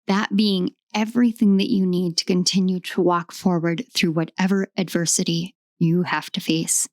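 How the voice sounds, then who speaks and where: A woman's voice: lowish voice, level tone, normal speed, darkish tone, no room sound, clean studio sound. A woman doing a tarot card reading, speaking in emphatic, repetitive affirmations. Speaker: tarot reader.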